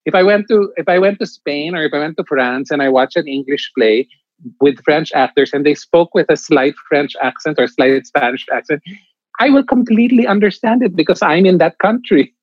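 A man's voice: fairly high pitch, moderate pace, no echo. A man who directs and mentors stage actors, giving emphatic interview answers with frequent restarts. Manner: emphatic, animated, many restarts. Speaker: theatre director and acting mentor. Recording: dry, dull lo-fi sound.

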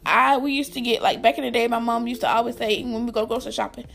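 A woman's voice: on the high side, fairly even intonation, fast, creaky, fairly bright tone, soft background music. A young woman chatting to her viewers in a casual storytime vlog, talking to them directly and laughing often. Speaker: vlogger.

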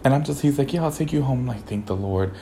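A man's voice: medium pitch, lively intonation, fast, gravelly, dark tone, slight background noise, rough recording. A man hosting a podcast, telling a personal story in a sassy, slang-heavy casual monologue. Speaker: podcast host.

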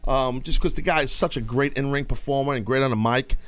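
A man's voice: mid-range voice, fast talker, fairly bright tone, dry recording. A male radio show host in casual sports talk, rambling and stop-start as he takes calls.

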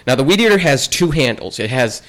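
A man's voice: medium pitch, very animated, fairly quick, a bit bright. A young man in casual chat, telling a long story with many restarts and bursts of laughter.

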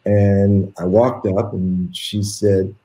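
A man from the United States telling stories as an interview guest, animated and acting out the quotes. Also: on the low side, slow. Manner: animated storyteller who acts out quotes. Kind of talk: casual anecdote telling. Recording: roomy echo.

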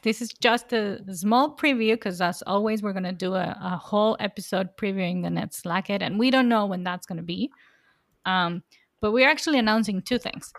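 An upbeat woman co-hosts a relaxed podcast, her voice dry and close to the mic with no room sound. She talks casually and keeps things moving. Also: on the high side, no room sound. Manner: upbeat, announcing next topics. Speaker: co-host.

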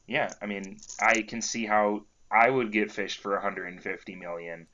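A man's voice: fairly low pitch, level tone, normal speed, pushed and bright, lo-fi sound. A young man co-hosting a comedy podcast, joking playfully in casual back-and-forth chat. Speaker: podcast co-host.

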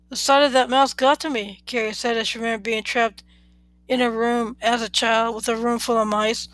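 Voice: medium pitch, no room sound, poor audio. Storyteller reading in a dry, close voice. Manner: unhurried, even reading with small slips. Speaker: podcast storyteller. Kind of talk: plain read-aloud narration.

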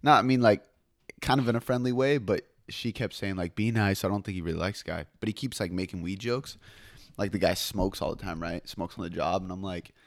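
Give me a young man with a fairly low voice co-hosting a casual podcast. He tells a rambling story in relaxed slang, full of "like" and "dude", and keeps the conversation loose and chatty. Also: brisk, dry recording, clean studio sound. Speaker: podcast co-host. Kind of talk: casual chat.

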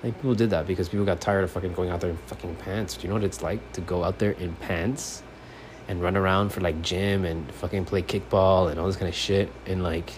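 A man from Miami holds forth alone on his sports podcast, his voice sitting on the low side. He curses freely, drifting from subdued, almost muttered stretches into loud, fired-up ranting. A faint hiss of room noise hangs under the recording from his apartment. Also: fairly quick. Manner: profane, animated, swings between subdued mumbling and loud ranting. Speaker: podcast host. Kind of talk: casual solo sports podcast rant.

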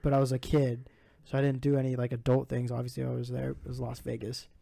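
Gravelly young man, chatty co-host. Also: medium pitch, completely flat delivery, fast, dark tone, no room sound. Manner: chatty, laughs easily, sports talk. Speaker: co-host reading listener questions. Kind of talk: casual chat.

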